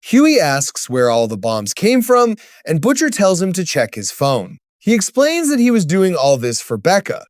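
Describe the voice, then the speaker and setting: A man's voice: sits high, wildly swooping pitch, normal speed, few pauses, dry recording, clean studio sound. A man narrating a scripted story recap, telling it dramatically and lifting his voice at sudden turns.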